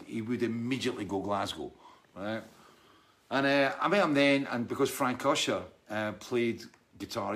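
A man's voice: on the low side, fairly bright tone. A man in his sixties, a musician, casually answering viewer questions from his studio in a rambling, anecdotal way full of restarts and asides.

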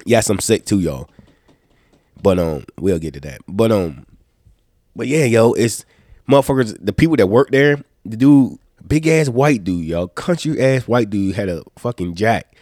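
A man's voice: fairly low pitch, measured pace, no echo, clean studio sound. A man hosting a casual podcast chat while sick with a stuffed-up nose, telling loose, profane stories. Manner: loose, profane, animated storytelling. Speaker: podcast host.

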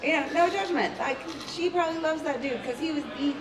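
A woman's voice: sits high, brisk, echoey room, recorded from a distance, a crowd in the background. A woman co-hosting a casual podcast, teasing and laughing as she chimes into the conversation. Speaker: podcast co-host. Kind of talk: casual chat.

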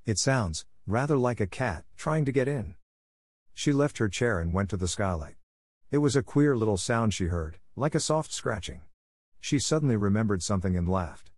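A man reading a classic storybook aloud in a calm, measured manner. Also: lowish voice, no echo, clean studio sound. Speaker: narrator. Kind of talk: storybook narration.

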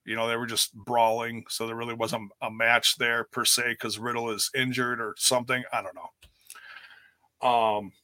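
A man's voice: mid-range voice, flat delivery, measured pace, sharp tone, no echo, clean studio sound. A man giving a candid, rambling recap of a wrestling event in casual chat, speaking casually and swearing now and then. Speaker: wrestling commentator.

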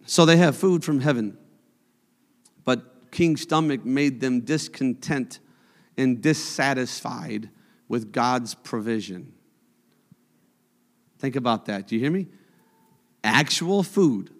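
A man's voice: mid-range voice, expressive, slow, long pauses. A man preaching a sermon in a church sanctuary, conversational and joking at times, then building to emphatic points. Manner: conversational and humorous, rising to emphatic. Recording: long church hall reverb.

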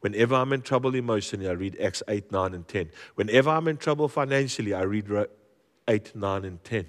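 A man preaching a storytelling sermon in a church, lively and joking, often repeating his words. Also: lowish voice, quick pace. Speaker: guest preacher. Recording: long hall reverb.

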